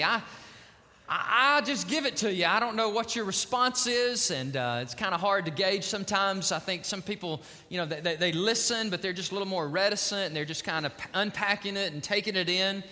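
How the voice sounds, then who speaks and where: A man's voice: high voice, lively intonation, moderate pace, pushed and bright, in a large hall. A man preaching a sermon as pastor, with a fervent and urgent delivery.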